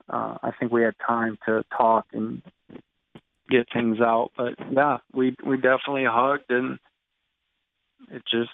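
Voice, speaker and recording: A man in his thirties telling his personal story in an interview, halting and full of fillers and restarts. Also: medium pitch, vocal fry, no room sound. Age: 30s. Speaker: guest. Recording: dry tinny phone-like sound.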